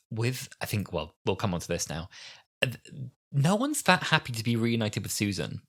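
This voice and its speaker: A man in his twenties co-hosting a podcast, telling scenes in an animated way and acting out the characters. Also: lowish voice. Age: 20s. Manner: animated storytelling, acts out scenes with big voices. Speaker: podcast co-host. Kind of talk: casual chat.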